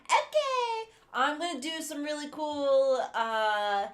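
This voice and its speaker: A woman playing in a tabletop game, excited and chatty. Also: high voice, slow pace. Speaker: player.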